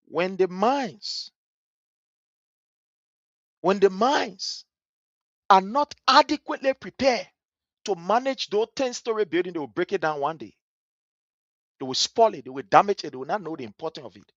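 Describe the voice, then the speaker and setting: Liberian host, lively, emphatic voice. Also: mid-range voice, fairly quick, dry recording, muffled recording. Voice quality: passionate, emphatic, repetitive. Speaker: livestream host. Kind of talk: angry live commentary over a video.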